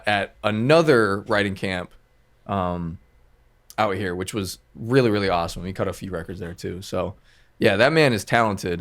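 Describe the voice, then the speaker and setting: With a fairly low yet fairly bright voice, a male music producer chats casually on a podcast. His talk wanders and doubles back on itself, packed with fillers.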